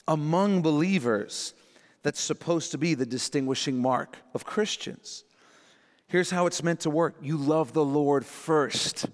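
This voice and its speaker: A man preaching a sermon as pastor, animated and acting out quotes in little voices. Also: on the high side. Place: church sanctuary. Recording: long reverb of a church hall.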